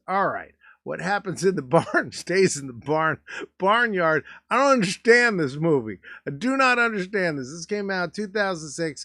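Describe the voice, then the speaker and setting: A man's voice: fairly high pitch, fairly bright tone, no room sound, studio quality. A man hosting a comedic countdown, rambling with lots of filler words. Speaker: comedy video host.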